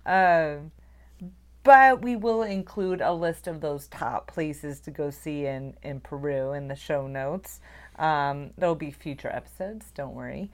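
A woman hosting a podcast, asking her guests questions in a relaxed, upbeat way. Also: low voice, a little slow. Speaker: podcast host. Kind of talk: casual chat.

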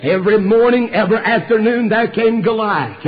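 Raspy high-voiced preacher. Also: male voice, moderate pace. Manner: impassioned storytelling preaching with frequent "uh" fillers. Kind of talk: fervent sermon. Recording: dull recording with long hall reverb.

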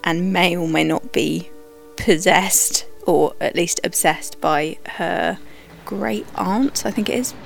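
A woman reviewing a film for a podcast, talking candidly and with animated opinions. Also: lowish voice, takes it slowly, gravelly, faint music behind. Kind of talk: conversational narration.

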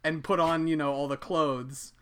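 A man's voice: a little high, steady tone, moderate pace, a bit bright, clear, resonant tone. A man hosting a podcast, dryly explaining a history story in a casual, amused way. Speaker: podcast host.

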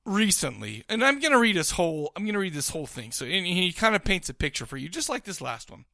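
A man's voice: high-pitched, very animated, quick pace, vocal fry, bright, forceful tone, dry recording, studio quality. A man co-hosting a podcast in casual banter, rambling bashfully with many restarts. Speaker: podcast co-host.

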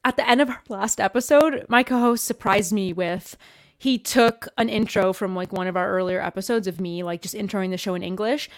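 A woman from Canada chatting casually as a guest on a video call, bubbly and laughing often, with quick asides. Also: medium pitch. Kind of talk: casual chat.

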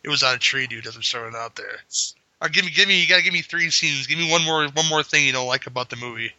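A laid-back, teasing man chatting about movies and swearing freely. His voice is very bright and edgy, a touch higher than most men's, and the recording is dry, close, and dull lo-fi. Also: fast talker, no room sound. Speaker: podcast co-host. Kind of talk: casual movie-talk chat.

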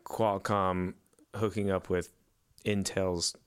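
A man reads news headlines aloud on a casual podcast and cracks jokes about them. His voice sits fairly low, and the sound is dry and close, with no room echo. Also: level tone, slow, clean tone. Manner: reads headlines aloud, then laughs and quips. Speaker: podcast co-host reading headlines.

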